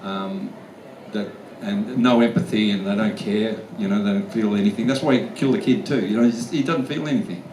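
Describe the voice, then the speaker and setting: Brief: Australian man, blunt and sweary storyteller; low voice, distant mic, faint room noise. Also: fairly even intonation, brisk, few pauses, a little mellow. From Australian outback. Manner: blunt, swears freely, laughs often. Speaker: guest actor at fan convention Q&A. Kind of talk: casual storytelling Q&A answers. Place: large convention hall. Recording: echoey hall, from far off, faint room noise.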